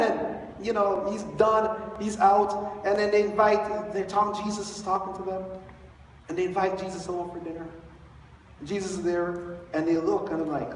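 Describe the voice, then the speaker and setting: A high-voiced man preaches from a church stage, retelling a story with lively, joking asides. His voice carries from a distance through a big church hall with a long, echoing reverb. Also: moderate pace, slight background noise. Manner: animated, storytelling with playful asides. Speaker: pastor. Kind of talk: Easter sermon. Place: large church sanctuary.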